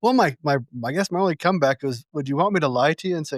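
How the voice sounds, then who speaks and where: A man's voice: fairly high pitch, animated, very fast, dry recording, clean studio sound. A man co-hosting a casual podcast chat, joking crudely and laughing easily. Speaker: podcast co-host.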